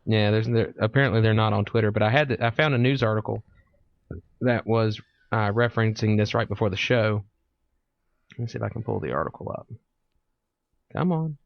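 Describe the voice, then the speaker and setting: A man's voice: fairly low pitch, fairly quick, vocal fry, pauses often. A man hosting a casual podcast, chatting crudely and reading news articles aloud. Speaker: podcast host. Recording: dull lo-fi podcast mic.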